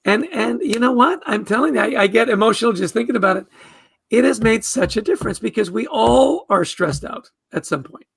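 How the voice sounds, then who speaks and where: A man's voice: high-pitched, animated, a little fast, gravelly, fairly bright tone, breathy edge, no room sound. A man who is a guest author, talking earnestly in a podcast interview and often repeating words as he starts a thought.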